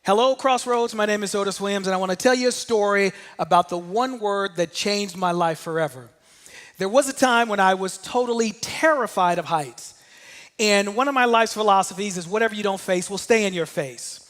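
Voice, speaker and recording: A man giving a motivational talk, telling a personal story in an animated way. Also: sits high, normal speed, long reverb tail. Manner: animated storyteller, shouts out quoted commands. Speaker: motivational speaker.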